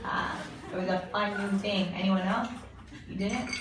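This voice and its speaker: A young woman performs stand-up, telling jokes in a deadpan way and turning to the crowd with quick asides. Her voice sits in the middle of the range for a woman. It comes from far off in a very reverberant club, with clear crowd noise behind it. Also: medium pitch. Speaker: stand-up comedian. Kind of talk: stand-up comedy set. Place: comedy club stage. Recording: echoey room from a distance, audience laughter.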